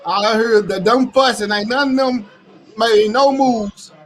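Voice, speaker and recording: Fired-up man ranting in a high voice. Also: fairly even intonation, measured pace. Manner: blunt, heated, repeats himself, swears freely; rises to shouting when indignant. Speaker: reaction commentator. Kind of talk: casual reaction commentary.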